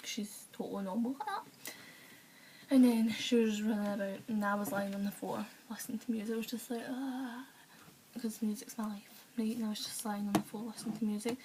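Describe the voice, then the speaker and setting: A woman's voice: mid-range voice, steady tone, quick pace, darkish tone, a little hiss or hum, rough recording. A woman telling rambling stories in a casual vlog, full of fillers and acted-out quotes. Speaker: vlogger.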